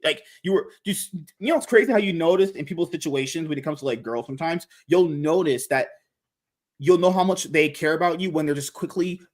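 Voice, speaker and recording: A man's voice: a little high, fairly quick. A man hosting a podcast, talking casually and animatedly, swearing freely and rambling with restarts. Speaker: podcast host.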